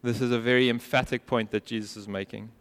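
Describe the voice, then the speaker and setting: A man preaching a sermon as pastor, earnest and emphatic, sometimes dropping to a quiet intensity. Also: medium pitch, steady tone, quick pace. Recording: long hall reverb.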